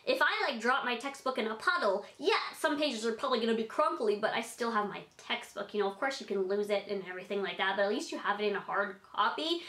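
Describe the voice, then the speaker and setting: A woman's voice: a little high, expressive, fast talker, few pauses, fairly bright tone, reverberant. A young adult woman answering fan questions in a bubbly, rambling vlog chat, full of "like". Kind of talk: casual Q&A vlog.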